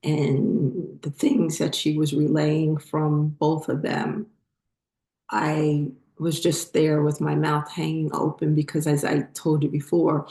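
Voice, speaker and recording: A middle-aged woman hosting her own channel, telling her spiritual story in a halting, emotional way that chokes up at times. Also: sits low, dark tone. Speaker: channel host. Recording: roomy echo.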